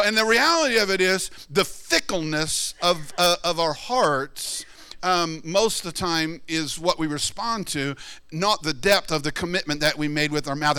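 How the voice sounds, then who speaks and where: A man preaching a sermon in a conversational, animated way, often acting out what people say. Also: clean tone. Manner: conversational, animated, acts out quoted people in high voices. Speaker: pastor.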